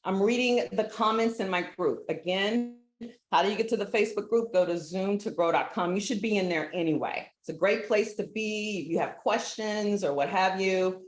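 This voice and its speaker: A woman's voice: medium pitch, normal speed. Chatty woman live-streaming in an echoey room. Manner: chatty, laughing, easily sidetracked. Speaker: livestream host. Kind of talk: casual live stream chat. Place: relative's house.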